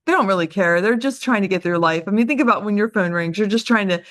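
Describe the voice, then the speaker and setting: A woman's voice: medium pitch, quick pace, fairly bright tone, dry recording. Older woman host, talkative and self-deprecating, everyday register, dry close recording. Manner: chatty, self-deprecating, laughs at herself. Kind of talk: casual motivational talk on a group call.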